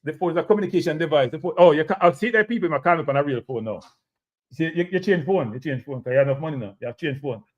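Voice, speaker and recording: Jamaican man hosting a football talk show, slightly high voice, emphatic and repetitive. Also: very fast, highs cut off. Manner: repetitive, emphatic, addresses viewers as people. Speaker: host of a live football show. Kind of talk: casual football analysis chat.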